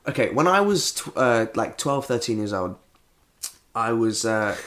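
A man's voice: mid-range voice, very animated, a bit bright. A man co-hosting a comedy podcast, rambling through funny anecdotes in casual chat. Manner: rambling anecdotes, quick jokes. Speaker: podcast co-host.

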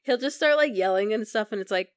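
A woman's voice: mid-range voice, quick pace, smooth, no echo, studio quality. A woman co-hosting a podcast in casual chat, telling stories and acting out quotes. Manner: animated storytelling with acted-out quotes. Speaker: podcast co-host.

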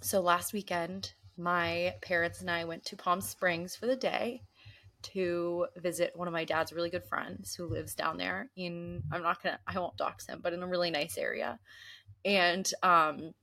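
Animated young woman telling stories. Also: lowish voice, measured pace, creaky. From US East Coast. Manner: animated storyteller, mimics voices and gasps. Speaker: podcast co-host. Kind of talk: casual chat.

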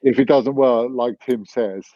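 A former rugby player chatting on a podcast, telling stories in a brisk, chatty way. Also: male voice, mid-range voice, fairly even intonation, no echo, lo-fi sound. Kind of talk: casual chat.

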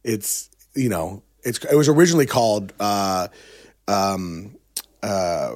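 A middle-aged man, a songwriter and agent, telling a story in casual conversation, animated and quoting others with lots of fillers. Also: lowish voice, slow.

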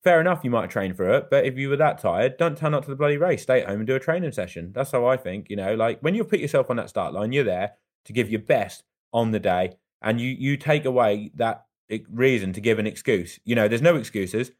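A man's voice: mid-range voice, animated, brisk. A man co-hosting a podcast, telling stories animatedly and giving blunt opinions in casual chat. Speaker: podcast co-host.

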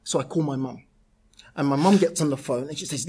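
Male guest, raised pitch, slightly husky, animated anecdotal delivery. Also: quick pace. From South-East London, England. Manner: animated, laughs through his anecdotes. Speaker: property entrepreneur guest. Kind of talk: casual storytelling interview.

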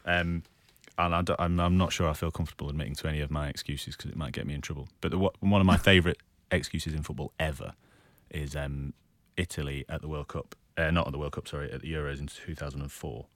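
A man's voice: rumbling low, steady tone, fast talker, hardly any pauses, no room sound. A man giving football punditry in a casual podcast chat, playful and teasing.

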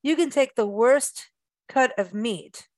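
A woman's voice: a little high, slow pace, dry recording. A woman from Africa, hosting a travel radio show in casual chat, chatty and playful with frequent laughs. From South Africa.

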